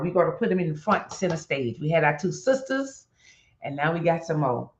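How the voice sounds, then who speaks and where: A woman hosting a daily devotional video, chatting excitably with bursts of laughter and then praying slowly and earnestly. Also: low voice. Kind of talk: casual chat and spoken prayer. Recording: roomy, dull lo-fi sound.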